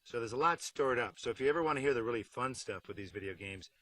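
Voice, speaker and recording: A middle-aged actor in a behind-the-scenes interview, joking wryly with deadpan asides. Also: male voice, mid-range voice, fast talker, rough recording. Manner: acts out silly voices mid-story.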